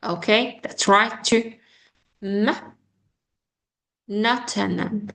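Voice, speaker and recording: A young woman teaching an online English pronunciation lesson. She halts often with fillers and slowly repeats words as models. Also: mid-range voice, gravelly, fairly bright tone.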